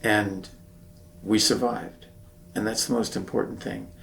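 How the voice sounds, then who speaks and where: A man's voice: lowish voice, level tone, a little slow, vocal fry, a bit bright. An older man, a veteran, speaking earnestly and reflectively in an oral history interview.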